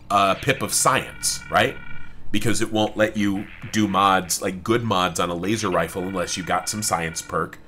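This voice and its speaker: A man's voice: fairly low pitch, sharp tone, a little hiss or hum. A man giving rambling, joking let's-play commentary while playing, swearing casually. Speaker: gamer.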